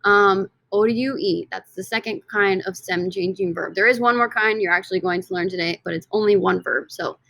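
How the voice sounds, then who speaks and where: A woman teaching a recorded lesson from slides in an upbeat, teacherly way, often stretching words out slowly for emphasis. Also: medium pitch, vocal fry, fairly bright tone. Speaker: Spanish teacher.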